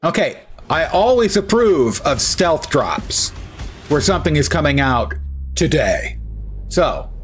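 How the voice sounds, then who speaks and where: A man's voice: fairly high pitch, sing-song, slow, faint music behind. An older man streaming a casual, blunt and dismissive reaction to a game showcase. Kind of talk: casual live reaction commentary.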